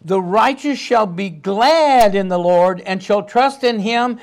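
Male preacher, high voice, emphatic sermon delivery, bursts of loud emphasis. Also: slow, few pauses. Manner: emphatic, with sudden loud outbursts.

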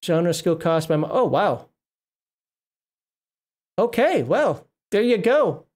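A middle-aged man hosts a casual livestream reviewing a tabletop RPG book, reading rules aloud, rambling, and often cutting off mid-word. His voice sits high with big pitch swings, and he takes things slowly in a slightly mellow tone.

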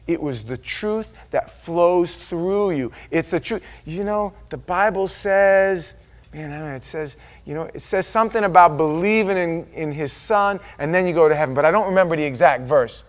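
An American man preaching a sermon as pastor, animated, quoting voices and dropping suddenly to quiet asides. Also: high-pitched, fairly quick.

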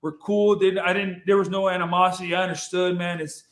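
A high-pitched man, a guest on a podcast, tells his story casually in an excitable, rambling way, swearing freely and repeating phrases. He talks a little fast. The recording has a noticeably roomy echo.

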